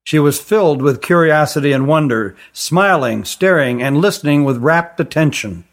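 A male narrator reading a fantasy novel aloud in a steady, deliberate way. His voice sits somewhat higher than most men's. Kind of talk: scripted audiobook narration.

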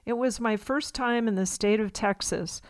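A woman's voice: on the high side, normal speed, no echo, studio quality. Woman in her sixties reading her memoir. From California. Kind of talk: memoir reading on a radio reading service.

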